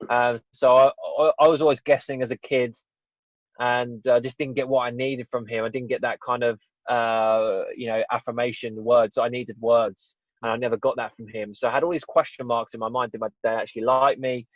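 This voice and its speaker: This guest, an Englishman, recounts something from his own life in a casual podcast chat, earnest and meandering with frequent "you know"s and "right?"s. The voice is medium in pitch, flat and fairly quick, and the audio is dull and dry without echo.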